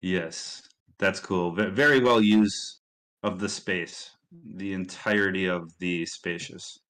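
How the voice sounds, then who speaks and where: A man's voice: deep voice, fairly even intonation, slow, fairly bright tone, poor audio. A man with a Midwestern accent hosting a casual livestream, commenting in an upbeat, rambling way with fillers. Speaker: stream host.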